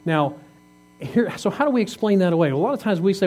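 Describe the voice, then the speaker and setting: A man's voice: high-pitched, animated, quick pace, a little mellow. A man preaching a conversational sermon, asking his congregation questions as he reads scripture. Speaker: pastor.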